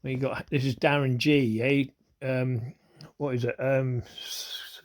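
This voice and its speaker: A man's voice: mid-range voice, level tone, takes it slowly. A man, hosting his own video in a rambling, profane monologue that keeps asking "you know what I mean". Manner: grows agitated and heated. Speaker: video host.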